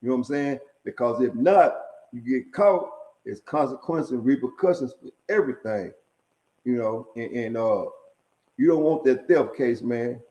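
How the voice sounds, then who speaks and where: Middle-aged storyteller, streetwise and profane, mellow dark voice, leans on "man" and "right?" between lines. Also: mid-range voice, normal speed, poor audio. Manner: chuckles at his own stories. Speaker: storyteller sharing prison stories. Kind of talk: casual storytelling monologue.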